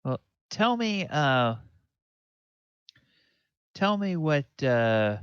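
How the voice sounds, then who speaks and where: A man running a tabletop game as dungeon master, narrating in a halting way full of ums and restarts. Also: on the high side, very animated, clean tone, dry recording. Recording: dull lo-fi dry sound.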